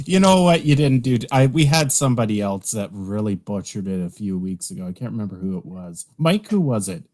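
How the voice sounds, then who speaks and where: A man's voice: lowish voice, animated, fairly quick, a little mellow. A man co-hosting a livestream, chatting casually and teasing the guest. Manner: playful, teasing. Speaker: livestream co-host.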